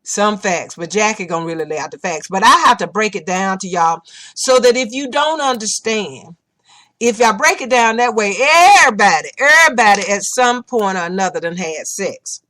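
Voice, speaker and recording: Blunt, bright-voiced woman podcast host. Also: mid-range voice, moderate pace. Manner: blunt, profane, animated storytelling. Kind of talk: casual opinion talk show. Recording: podcast recording.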